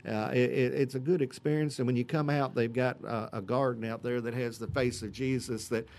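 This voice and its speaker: A man, a church senior group leader chatting in a radio interview, folksy and rambling, with many fillers and throat clearing. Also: medium pitch, steady tone, a little fast, a little mellow. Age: 50s.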